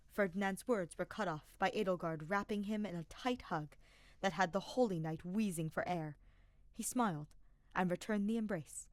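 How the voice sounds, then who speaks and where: A woman reading fan fiction aloud as a podfic narrator, with an even storytelling delivery. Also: lowish voice, normal speed, no room sound, clean studio sound. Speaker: podfic reader.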